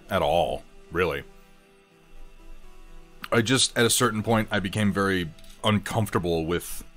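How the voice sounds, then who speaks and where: A man hosting a casual livestream, chatting wryly with viewers in a rambling way while he eats and paints miniatures. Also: fairly low pitch.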